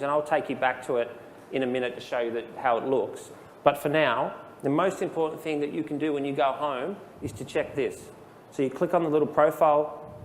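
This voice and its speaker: Man giving a relaxed training talk. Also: medium pitch, big-room sound, slight background noise. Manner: casual and explanatory, with fillers. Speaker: software trainer. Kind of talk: live training presentation. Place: presentation room with an audience. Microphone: handheld dictation microphone.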